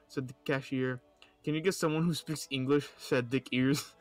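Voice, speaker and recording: Young man, casual story reading, stumbles and laughs, mid pitch, faint music behind. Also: flat delivery, a little slow. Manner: laughs often, stumbles over words, mock-insulting asides. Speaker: host reading stories aloud. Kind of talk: casual reading of stories with commentary.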